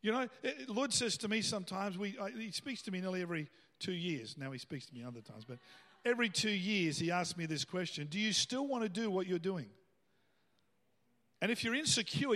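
Male pastor, high voice, casual sermon with emphatic peaks, reverberant church hall. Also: expressive, a little fast, a bit bright. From Australia. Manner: conversational preaching, rising to emphatic bursts.

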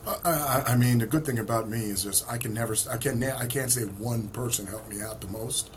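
A man who is a podcast guest, talking in a halting, reflective way in casual chat. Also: medium pitch, slight background noise.

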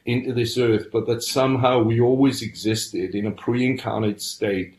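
A man's voice: mid-range voice, fairly even intonation, moderate pace, a little mellow. A middle-aged man earnestly telling his personal story as a podcast guest. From United Kingdom. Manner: earnest storytelling, frequent restarts. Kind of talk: personal testimony. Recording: roomy echo.

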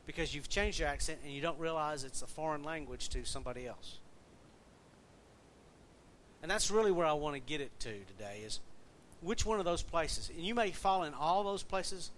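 A pastor from the American South with a Southern accent preaches in a relaxed, folksy way, chatting with his congregation and quizzing them as he goes. His voice sits a little higher than most men's. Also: a little hiss or hum. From Southern United States. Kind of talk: sermon.

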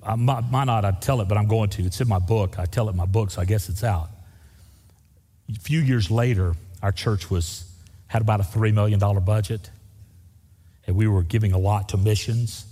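A man's voice: on the low side, fairly even intonation, a little fast, warm tone, slightly rough, big-room sound. A man preaching a sermon as pastor, telling folksy stories and driving points home through repetition.

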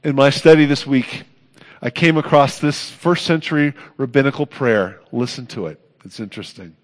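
A man preaching a sermon as pastor, earnest, building to emphatic peaks and then dropping soft. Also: medium pitch, normal speed.

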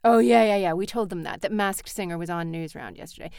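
A woman's voice: on the low side, quick pace, gravelly, a little mellow, clear, resonant tone, dry recording, clean studio sound. A mother hosting a podcast, chatting in a rambling, affectionate way with her child. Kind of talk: casual chat with her child.

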